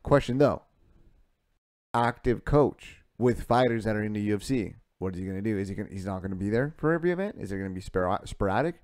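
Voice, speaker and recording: A man co-hosting a casual sports podcast, who talks excitably and swears a lot. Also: on the low side, fast talker. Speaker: podcast co-host.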